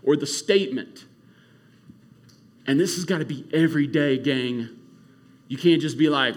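A man preaching to a youth camp in an animated, casual storytelling way. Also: a little high, unhurried, long pauses, slightly rough. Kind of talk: youth sermon.

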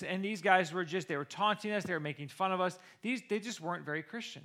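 A football coach, a man, telling a personal story in a lively way and acting out the quoted voices of others. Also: high voice, fairly quick, few pauses. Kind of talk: storytelling talk.

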